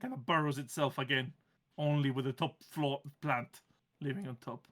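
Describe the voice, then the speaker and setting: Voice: medium pitch, steady tone, moderate pace, fairly bright tone. A game master narrating a tabletop game, chatty and often laughing.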